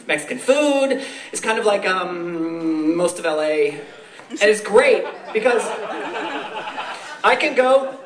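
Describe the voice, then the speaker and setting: A man in his forties from the Boston area doing a stand-up set, campy and animated, laughing at his own jokes. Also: high-pitched. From Boston area, USA. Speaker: stand-up comedian. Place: comedy club stage. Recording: echoey club room, distant.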